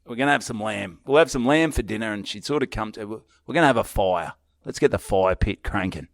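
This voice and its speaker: A man's voice: on the low side, animated, fast, gravelly, no room sound, clean studio sound. A man with an Australian accent, co-hosting a podcast and telling a story in casual banter. He swears freely and acts out his own reactions. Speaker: podcast co-host.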